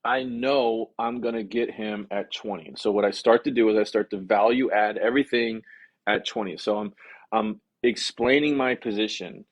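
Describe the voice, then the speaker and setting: A man teaching sales negotiation on a live stream in an energetic, casual way, often checking in with "okay?" and reading viewer comments aloud. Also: lowish voice, normal speed. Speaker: sales coach.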